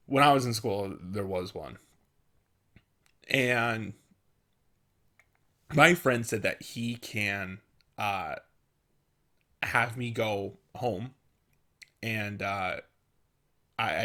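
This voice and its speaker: A young man, a channel host, casually telling a personal story with frequent laughter and stumbling restarts. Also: lowish voice. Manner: laughs often, halting restarts, animated quoted dialogue.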